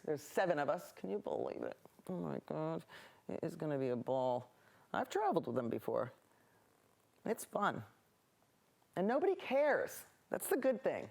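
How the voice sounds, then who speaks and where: A woman hosting a local TV painting show, chatting in rambling, cheerful tangents as she paints. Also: fairly low pitch. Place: local access TV studio.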